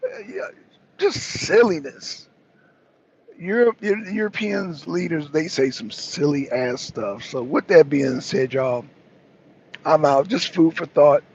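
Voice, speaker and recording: Stream host, male, raised pitch with a raspy edge, keeps hammering his point and argues with chat. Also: slow, a little mellow, dull audio. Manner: emphatic, repeats himself, argues back. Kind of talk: livestream commentary answering chat.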